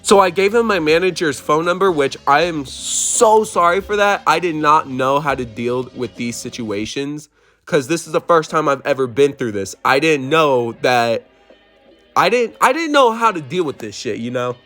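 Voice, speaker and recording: A man's voice: a little high, animated, moderate pace, pushed and bright, soft background music. A young man telling a storytime on his vlog, blunt and profane as he retells an argument at work. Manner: blunt, swears often, retells the argument animatedly. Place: worked in New Mexico.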